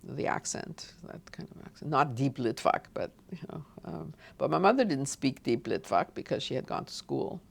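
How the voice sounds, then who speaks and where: A woman's voice: a bass voice, animated, moderate pace, creaky. A woman from Montreal, an oral history interviewee, reminiscing in a rambling way with frequent restarts and asides. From Montreal, Canada.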